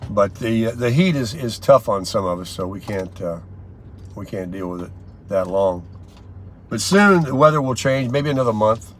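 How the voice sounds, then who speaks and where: An older man vlogging from inside a car, telling stories in a rambling, chatty way with lots of pauses and fillers. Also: on the low side, animated, a little hiss or hum. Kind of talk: casual daily vlog chat.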